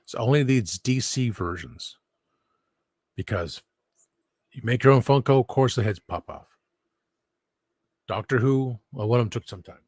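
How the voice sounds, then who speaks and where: A man's voice: medium pitch, a little slow, long pauses, darkish tone, breathy edge, no echo. A man vlogging from home, rambling and thinking aloud, recorded by a camera set at some distance. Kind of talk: casual vlog monologue.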